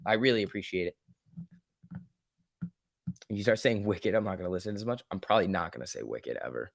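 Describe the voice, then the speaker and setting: A man's voice: sits low, animated, brisk, gravelly, dry recording. Casual male stock livestreamer, dry sound. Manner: joking, reads chat aloud, shifts loud and soft. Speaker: stock trading livestream host.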